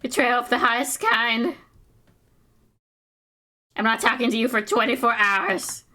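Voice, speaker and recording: A woman's voice: fairly high pitch, fairly even intonation, a little slow, pushed and bright, pitched above the performer's own voice. Woman voicing a sulky, melodramatic pet cat. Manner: melodramatic, wounded and pouting. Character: sulky dramatic young female house cat.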